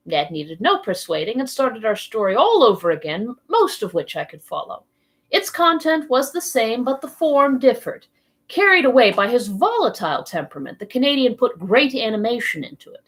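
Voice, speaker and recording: A woman reading a novel aloud for a library program, narrating in the first person with expressive delivery. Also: on the high side, moderate pace, breathy edge. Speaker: library storytime reader.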